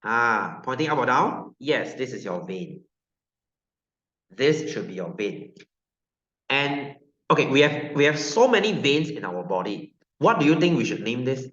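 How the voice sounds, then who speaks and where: A man's voice: medium pitch, big pitch swings, unhurried, fairly bright tone. Malaysian-accented man teaching science, playful, fires questions at the class, muffled and echoey. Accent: Malaysian English. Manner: joking, keeps quizzing students. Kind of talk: classroom lecture. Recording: roomy, dull sound.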